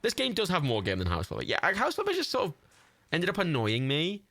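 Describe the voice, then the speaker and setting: A man giving sweary, excitable, rambling commentary while streaming a game live. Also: on the high side, fairly quick, no room sound.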